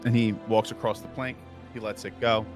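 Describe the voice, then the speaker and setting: A man's voice: fairly low pitch, level tone, fairly quick, faint music behind. A man narrating a tabletop game as game master, describing scenes in a casual, rambling way full of likes and uhs.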